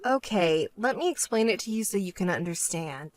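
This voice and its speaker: A woman's voice: mid-range voice, animated, moderate pace, dry recording, close to an everyday voice. A woman voicing a cool, blunt young woman. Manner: cool, dry and curt. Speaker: narrating protagonist. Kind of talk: animated story voice acting.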